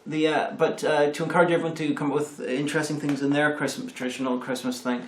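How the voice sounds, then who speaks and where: A man co-hosting a casual chat, joking and pausing often with "uh". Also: on the high side, little pitch movement, echoey room. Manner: hesitant, many "uh" pauses, jokey. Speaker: co-host.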